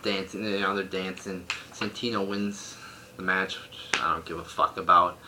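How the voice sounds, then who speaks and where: Low-voiced young man ranting, swearing. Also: flat delivery, moderate pace, noisy background. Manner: profane, blunt, exasperated ranting. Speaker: wrestling show reviewer. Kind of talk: casual ranting review. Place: home room.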